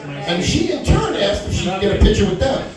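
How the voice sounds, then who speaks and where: A man performs a brash, crude stand-up set in a small comedy club. His voice is fairly high and swings widely in pitch. He is heard from a distance in a very echoey room with the crowd chattering around him. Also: fairly quick, over music. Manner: brash, crude punchlines, animated. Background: audience chatter and laughter.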